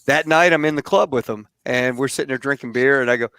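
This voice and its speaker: A man in his fifties, a podcast host, telling a story in an animated, laughing way. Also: medium pitch, quick pace, dry recording. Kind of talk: storytelling in casual chat.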